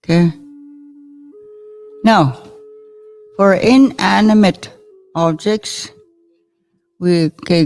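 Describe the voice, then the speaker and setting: A woman leads a patient vocabulary lesson, drawing each word out at a very slow, deliberate pace. Her voice sits at a middle pitch, chatty and given to easy chuckles, with faint music in the background. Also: expressive. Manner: warm and chatty, often chuckling, sounds out words slowly. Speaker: language teacher.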